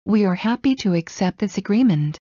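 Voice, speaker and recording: A woman slowly reading everyday English phrases one at a time for learners. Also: mid-range voice, expressive, mellow, dry recording, lo-fi sound. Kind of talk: slow scripted phrase reading.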